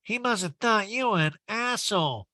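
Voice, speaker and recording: A blunt, deadpan woman drawls her words slowly and flatly, as a man puts her on. The voice sits well above his own pitch. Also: no echo, studio quality.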